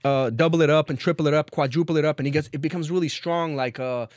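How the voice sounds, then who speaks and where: A man telling stories as a podcast guest in casual chat, animated, acting out quoted lines with big jumps in pitch. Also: quick pace, dry recording, studio quality. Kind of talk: casual storytelling.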